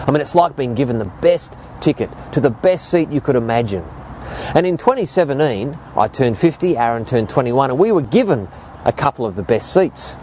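A man in his fifties with an Australian accent, preaching a sermon and telling stories to make his point. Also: slight background noise. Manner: animated storytelling preacher, lively rises and drops in pitch.

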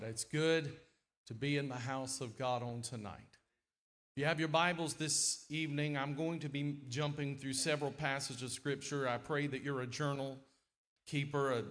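A middle-aged man preaching a sermon in a church, folksy and lively, with sudden loud, emphatic swells. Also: mid-range voice. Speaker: guest preacher. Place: church sanctuary.

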